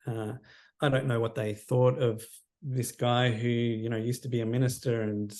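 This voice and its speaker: A man in his fifties, a counsellor guest on a podcast interview, telling a personal story in an earnest, reflective way that often trails off quietly. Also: mid-range voice, little pitch movement, normal speed. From Australia.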